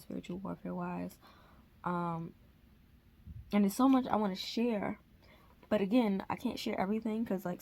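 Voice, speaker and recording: A woman's voice: medium pitch, creaky, darkish tone, husky. A woman chatting casually to her camera at home for a reading vlog, rambling with many fillers. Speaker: reading vlogger.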